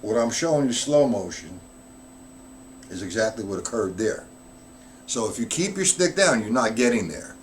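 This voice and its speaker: A man's voice: lowish voice, sing-song, moderate pace, pauses often, heavy background noise. A man teaching drum rudiments on a live stream. He explains technique step by step, counts beats aloud, and answers viewers' chat comments.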